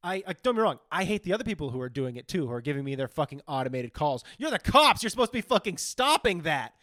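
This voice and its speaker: A man's voice: very animated, fast, dry recording. Profane, ranting man, dry close sound. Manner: profane, ranting, swings between loud outbursts and low mutters. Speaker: podcast co-host. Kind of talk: casual comedic chat.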